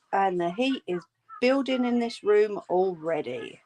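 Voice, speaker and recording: A woman's voice: medium pitch, lively intonation, takes it slowly, darkish tone, a little hiss or hum. A woman hosting a crafting livestream from a room at home, chatting casually and reassuring her viewers. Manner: reassuring, homely, calls viewers "love". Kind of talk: casual chat while crocheting, answering viewers' comments.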